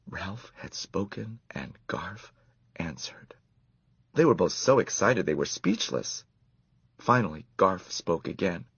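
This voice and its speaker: Guy reading a kids story, husky voice, dry close mic. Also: low voice, animated, a little slow, fairly bright tone, no room sound, highs cut off. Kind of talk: children's story read aloud.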